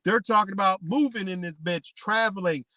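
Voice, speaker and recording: A man with a high voice hosts a livestream in a loose, profane rant. He reads stiff legal passages aloud, then swerves back into heated street talk, sounding close and dry with no room around him. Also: fairly quick, no echo. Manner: animated and profane, swinging between reading and ranting. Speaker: livestream host. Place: home livestream setup.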